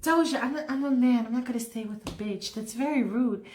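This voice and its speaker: A woman voicing a soft-spoken, teasing male pop star who talks low and hushed. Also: brisk, roomy sound, natural voice. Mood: defensive.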